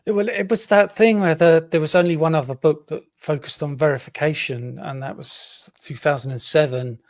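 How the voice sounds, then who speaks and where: Male guest author, higher voice, dry sound, explains plainly. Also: fairly even intonation, normal speed, no room sound. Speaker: author and podcast host. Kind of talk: interview answers.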